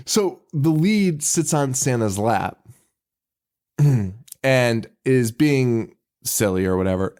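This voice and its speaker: Animated man laughing through casual chat. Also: on the high side. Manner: animated, laughing, swears freely. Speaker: podcast co-host.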